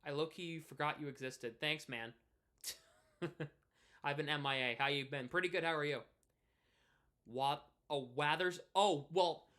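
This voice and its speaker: A man's voice: on the high side, normal speed, pushed and bright. A man of twenty from New England, chatting casually on a live stream and rambling through many restarts and fillers. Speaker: live streamer and hockey podcaster.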